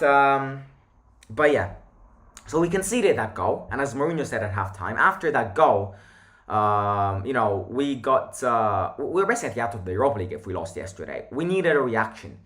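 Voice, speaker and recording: A man's voice: medium pitch, fairly bright tone. A young man hosting a football channel, giving a blunt, opinionated match reaction monologue.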